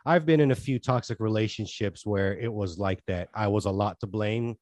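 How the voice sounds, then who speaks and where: A man's voice: fairly low pitch, normal speed, darkish tone, no echo. Earnest rambling male podcast co-host. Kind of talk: casual chat.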